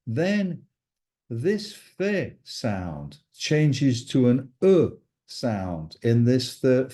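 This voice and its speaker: A man's voice: mid-range voice, dark tone. A man teaching a French lesson, patiently explaining verbs and repeating each conjugation. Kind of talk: recorded language lesson.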